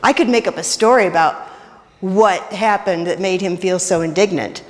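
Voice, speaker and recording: A woman minister leading an interactive sermon, chatty and playful with quick jokes, in a church. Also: medium pitch. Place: church sanctuary. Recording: reverberant church hall.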